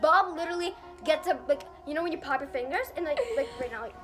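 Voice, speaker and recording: A woman's voice: high-pitched, fast talker, over music. A young woman telling a storytime vlog in casual chat, rambling with many fillers and acting out what people said. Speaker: vlogger.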